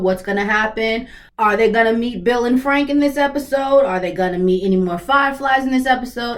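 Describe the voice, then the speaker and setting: A woman hosting a reaction channel, giving casual, slangy commentary with whispered asides. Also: a little high.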